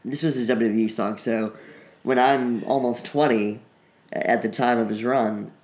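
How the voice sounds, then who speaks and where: A middle-aged man co-hosting a casual podcast, halting, with dry jokes. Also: mid-range voice, fairly even intonation, a little mellow. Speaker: podcast co-host.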